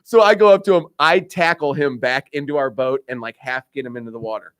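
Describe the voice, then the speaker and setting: Animated storytelling man, dry studio sound. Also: mid-range voice, brisk, clean tone, no echo. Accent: Indiana. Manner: animated storyteller, acts out voices, laughs often. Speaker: radio show host. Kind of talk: casual storytelling chat.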